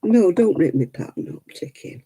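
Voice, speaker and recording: A woman's voice: lowish voice, animated, moderate pace, warm tone, husky. A middle-aged woman chatting casually while knitting on a crafting livestream, cooing baby talk to her dog in between.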